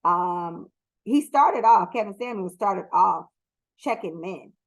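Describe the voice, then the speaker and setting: A woman's voice: medium pitch, expressive, slow, low-quality recording. Blunt, profane woman podcast host. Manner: blunt, profane, rambling with many ums. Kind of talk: casual solo commentary.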